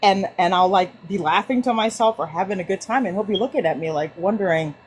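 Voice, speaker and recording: This is a woman speaking up on an online group call, telling everyday stories with plenty of energy and quick restarts. She acts out the quoted bits of her anecdotes and keeps the tone conversational. A faint hiss sits behind her voice. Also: mid-range voice, poor audio. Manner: animated storyteller, many restarts and acted-out quotes. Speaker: book club participant. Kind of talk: casual sharing in a group call.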